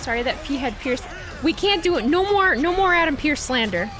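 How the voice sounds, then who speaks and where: A woman's voice: sits high, expressive, fairly quick, music in the background. A young woman chatting casually on a live stream, sarcastic and talkative, reading chat messages aloud.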